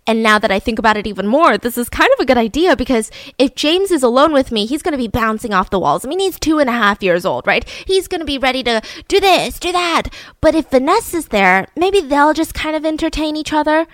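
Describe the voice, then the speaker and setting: A woman hosting a podcast, telling a true-crime story in a casual, animated way, full of "like" and "right?" asides. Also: sits high, a little fast, hardly any pauses, no room sound. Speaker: podcast host.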